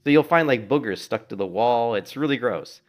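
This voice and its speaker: Soft music plays in the background as a middle-aged man chats casually while streaming a game from his Florida home. His mid-range voice is animated and moderately paced, and he rambles through stories in a relaxed way, swearing freely.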